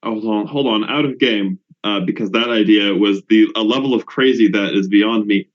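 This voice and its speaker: A man playing a tabletop role-play game, expressive and incredulous in tone. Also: lowish voice, normal speed. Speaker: player. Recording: dull lo-fi mic.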